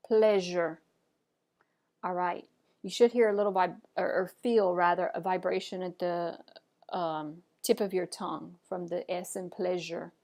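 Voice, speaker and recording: A woman's voice: lowish voice, steady tone, a little mellow. Patient woman teaching French pronunciation. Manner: patient, encouraging, models each word slowly. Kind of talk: pronunciation lesson.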